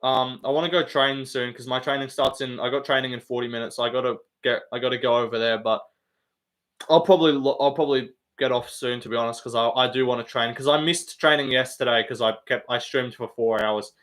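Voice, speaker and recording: A man's voice: medium pitch, fairly even intonation, brisk, fairly bright tone. A man hosting a casual live stream, bantering with the chat, swearing often and laughing.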